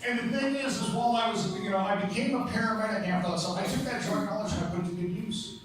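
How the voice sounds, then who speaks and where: A man's voice: sits high, fast talker. A man doing a stand-up comedy set on a club stage, telling stories in a conversational way with punchy asides. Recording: echoey club, distant mic, crowd noise. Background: audience laughter.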